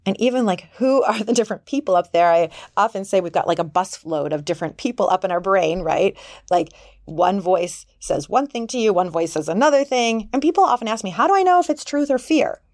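A woman's voice: medium pitch, brisk, a little mellow, no room sound, clean studio sound. A woman coach giving a casual self-help talk in a conversational way, sometimes acting out the voices she quotes.

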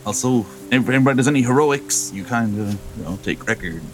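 A man's voice: mid-range voice, brisk, slight background noise, natural voice. A man playing a young, eager small-town deputy with a drifting folksy drawl and lots of fillers.

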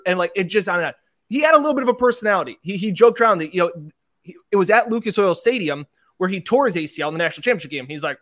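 Male sports reporter, chatty storyteller, slightly high voice. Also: animated, racing, fairly bright tone. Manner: chatty storyteller, mimics interview exchanges. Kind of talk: sports talk discussion.

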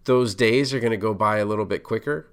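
A man's voice: lowish voice, fairly quick, smooth. A man hosting a podcast, giving casual career advice in a conversational, loosely rambling way full of asides.

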